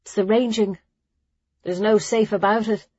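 A woman's voice: mid-range voice, steady tone, unhurried, darkish tone, slightly rough, no echo, dull audio. A woman voicing a teasing, affectionate young novice girl.

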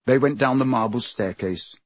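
A man narrating a storybook in a steady, measured reading. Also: mid-range voice, no echo. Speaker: audiobook narrator.

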